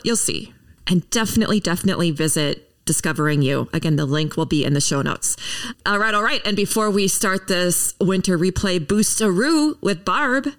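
A woman's voice: on the low side, distant mic. A woman hosting a podcast, talking to her listeners in a chatty, encouraging way. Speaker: podcast host. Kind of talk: upbeat podcast intro monologue.

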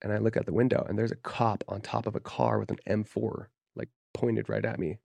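A man with a low, gravelly voice that has a lot of fry in it, telling a story from his own life with blunt, profane candor. He keeps dropping in fillers like "dude" and "you know," and the sound is close and dry with no room echo. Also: a little fast, darkish tone. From Utah, USA. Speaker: podcast guest. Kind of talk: casual storytelling. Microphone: podcast studio mic.

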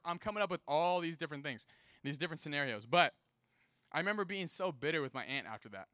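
A man's voice: on the high side, fast, dry recording, clean studio sound. A young man preaching a casual sermon, telling a personal story and acting out the people in it. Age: young adult. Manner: animated, casual, acts out quoted voices. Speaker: youth preacher.

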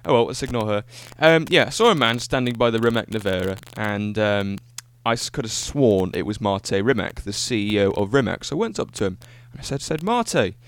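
Talking a little fast at a fairly low pitch with hardly any pauses, a podcast host delivers a casual solo monologue. He rambles enthusiastically and keeps correcting himself.

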